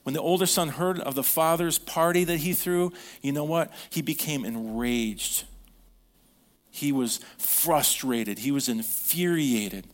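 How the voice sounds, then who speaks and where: A man preaching a sermon as a pastor. He tells stories in a conversational way, asks the audience questions and drops to a hushed tone on key points. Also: a little high, unhurried.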